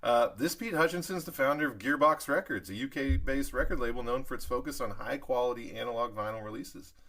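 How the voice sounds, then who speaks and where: A man's voice: mid-range voice, fairly quick, fairly bright tone. A man in his forties co-hosting a podcast, telling rambling stories in casual chat and laughing between sentences. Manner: rambling storyteller who laughs mid-sentence. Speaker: podcast co-host.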